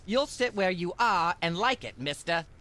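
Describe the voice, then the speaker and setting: A woman voicing a condescending talk show host in a video game, with sharp, acerbic remarks. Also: lowish voice, animated, moderate pace. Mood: haughty.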